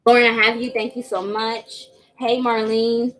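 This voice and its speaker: A woman's voice: on the high side, flat delivery, moderate pace, a bit bright, low-quality recording. A woman hosting a live tarot reading stream, greeting and thanking viewers by name in a chatty way, with frequent "um"s. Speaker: tarot reader hosting a livestream.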